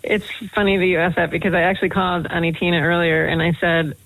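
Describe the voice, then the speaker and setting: A woman's voice: lowish voice, fast talker, poor audio. A woman from Boston with an American accent, a guest professor chatting in a radio interview and telling stories with lots of fillers. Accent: American, Boston area. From Boston, United States. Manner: chatty, animated storyteller with many fillers.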